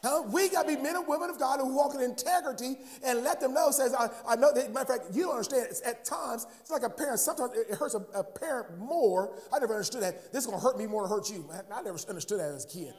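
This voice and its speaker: A high-voiced American man preaches to his congregation. He stumbles over repeated words and keeps tossing out questions to the listeners. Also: fast talker, hardly any pauses, a little mellow. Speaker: pastor. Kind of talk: sermon.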